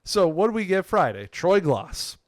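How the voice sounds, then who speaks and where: A man's voice: sits high, sing-song, normal speed, no room sound, clean studio sound. A man co-hosting a podcast in casual chat, telling stories with frequent laughs and acting out quotes. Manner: laughing storyteller, acts out quotes. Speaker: podcast co-host.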